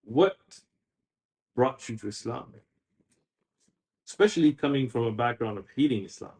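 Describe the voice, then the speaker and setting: A male podcast host who talks in lively, quick bursts, his voice jumping up for emphasis. He sits at mid pitch and keeps a casual, chatty interview tone.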